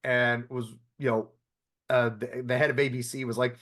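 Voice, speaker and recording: A man's voice: mid-range voice, flat delivery, moderate pace, fairly bright tone. A man co-hosting a podcast, chatting casually and rambling through restarts and asides. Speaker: podcast co-host. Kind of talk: casual chat.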